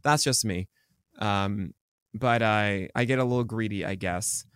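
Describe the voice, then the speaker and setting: A man's voice: lowish voice, a bit bright, smooth. A man co-hosting a sports podcast, talking casually and rambling, correcting himself as he goes. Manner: rambling, self-correcting, quick to joke. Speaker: podcast co-host. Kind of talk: casual chat.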